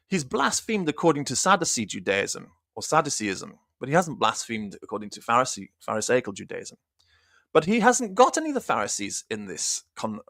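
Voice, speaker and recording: A man's voice: medium pitch, fairly bright tone, no echo, clean studio sound. A man giving an informal Bible study on a livestream, thinking aloud with restarts and reading passages aloud. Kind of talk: informal scripture teaching on a livestream.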